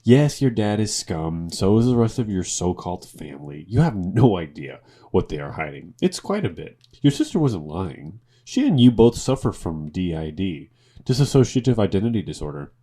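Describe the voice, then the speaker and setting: Tipsy guy co-hosting, reading stuff out all pompous and dramatic, low voice that swings all over. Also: sing-song, normal speed. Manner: theatrical, pompous reading with loud swears. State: tipsy from drinking. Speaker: podcast co-host. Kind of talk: reading posts aloud in a mock-dramatic voice.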